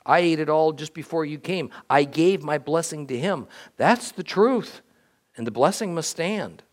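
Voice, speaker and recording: A man's voice: a little high, animated, voice pushed up. A man reading as a solemn old patriarch. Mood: grave. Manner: solemn, measured, pronouncing blessings.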